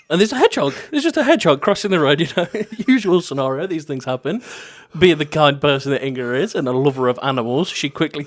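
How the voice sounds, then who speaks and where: A young man co-hosting a relaxed podcast chat. He tells his stories with a lively, swooping pitch and lets the swear words fly. His delivery stays loose and conversational throughout. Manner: animated storyteller, swears freely. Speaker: podcast co-host. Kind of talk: casual chat.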